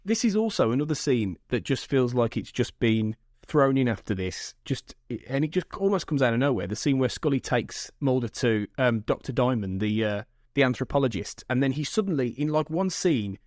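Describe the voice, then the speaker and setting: A man's voice: mid-range voice, expressive, moderate pace, few pauses, darkish tone, dry recording, studio quality. A man hosting a podcast, talking in a rambling, self-interrupting way with frequent laughter. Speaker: podcast host. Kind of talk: casual chat.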